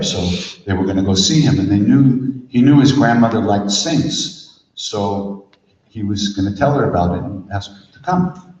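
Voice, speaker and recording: A man in his sixties leading a retreat workshop, telling stories in a relaxed, chuckling, conversational way. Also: on the low side. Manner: conversational, chuckling, says "you know" often. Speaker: spiritual teacher leading a workshop. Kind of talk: storytelling workshop talk. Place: large retreat hall. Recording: echoey hall, distant dull mic, faint noise.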